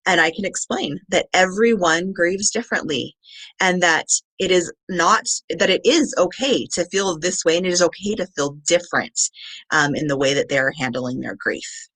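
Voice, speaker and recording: Woman trainer, bright and dry, earnest and patient, with an unpolished live-presentation delivery. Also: on the low side, moderate pace, no echo. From Southern Nevada. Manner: earnest, explains step by step with many ums. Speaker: crisis support trainer.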